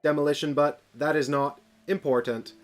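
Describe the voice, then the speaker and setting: A man voicing a calm, advanced male android explosives expert who speaks in a slow, deliberate way. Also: on the high side, soft background music, lightly acted. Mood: measured.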